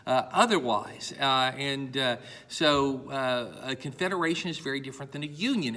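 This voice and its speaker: A man's voice: mid-range voice, bright, forceful tone. A middle-aged man giving a college history lecture in a conversational way, with many "uh"s and restarts, repeating points for emphasis. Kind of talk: classroom lecture.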